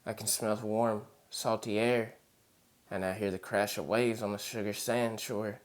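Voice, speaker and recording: A man narrating a first-person horror story in a steady, earnest storytelling manner. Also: fairly low pitch, normal speed.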